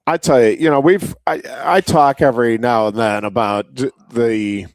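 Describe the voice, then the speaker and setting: A man co-hosting a casual chat show, talking in halting stretches with restarts and little chuckles. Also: mid-range voice, dry recording. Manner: halting, many restarts and fillers, chuckles mid-sentence. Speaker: co-host.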